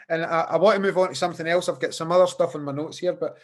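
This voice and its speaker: Male podcast host, high-ish voice, chatty, on a video call. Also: steady tone, racing. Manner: chatty, repeats words while thinking. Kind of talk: casual video-call interview.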